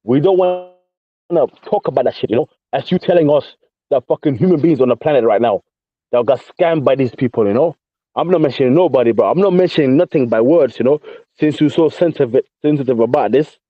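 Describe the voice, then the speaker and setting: A man's voice: medium pitch, expressive, fairly quick, no room sound. A man with a London accent calling into a voice chat, ranting combatively and repeating himself, calling everyone mate and bro. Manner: combative, repetitive, peppers speech with mate and bro. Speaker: caller in a voice chat. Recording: dull lo-fi voice chat audio.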